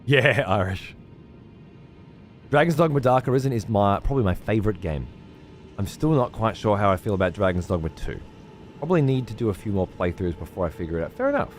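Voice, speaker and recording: Aussie guy on stream, chill and sweary, reading chat, bit of music low behind him. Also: animated, a little fast. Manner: laid-back, swears freely, uses slang like mate and cunt. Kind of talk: casual live-stream chat.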